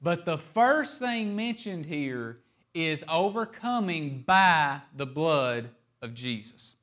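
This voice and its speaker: Guy preaching a sermon, voice a bit on the high side, really punches certain words, speeds up then slows way down. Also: big pitch swings. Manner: emphatic, varies pace and loudness, stresses key words. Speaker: pastor.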